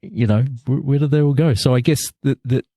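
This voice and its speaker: A man's voice: medium pitch, brisk, dry recording. A man telling stories in a loose, rambling chat over a video call from a hotel room, laughing and restarting often. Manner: rambling, animated, lots of filler and laughs. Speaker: actor interviewed from hotel quarantine. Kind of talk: casual chat, storytelling.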